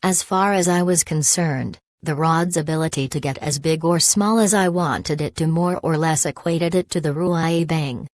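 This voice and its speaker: A woman's voice: low-pitched, normal speed, hardly any pauses, no room sound, clean studio sound. A woman narrating a fantasy novel aloud in a casual, wry first-person voice. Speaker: audiobook narrator.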